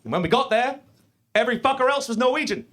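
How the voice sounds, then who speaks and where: A man doing a live stand-up set in a comedy club, profane and animated, speaking into a stage mic. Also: very high voice, fast. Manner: profane, animated, mock-confident.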